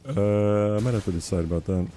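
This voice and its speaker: A man's voice: lowish voice, fairly quick, mellow, a little hiss or hum. A young man livestreaming a game, chatting in a rambling, self-deprecating way and laughing often. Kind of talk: casual chat while gaming.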